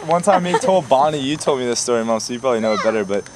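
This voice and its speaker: A man's voice: medium pitch, animated, rapid-fire, background noise. A man casually telling a family memory at a graveside gathering. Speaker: family member. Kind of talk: casual storytelling.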